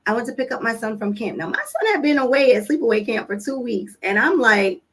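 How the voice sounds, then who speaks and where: Speaking fairly quickly and expressively in a higher voice, a woman talks to camera about parenting, recounting stories and voicing the people in them. The recording is rough, and she coaches earnestly, putting questions straight to her audience.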